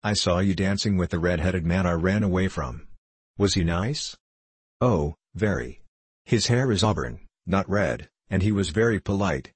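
Husky deep-voiced man reading a novel. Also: no room sound. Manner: reads all characters in a near-plain voice with slight shifts. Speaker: audiobook narrator. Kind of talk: scripted narration.

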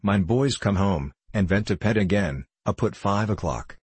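A man's voice: on the low side, expressive, normal speed, darkish tone, slightly rough, no echo. A man reading a stout, kindly woman of about fifty, speaking broken English. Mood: consoling.

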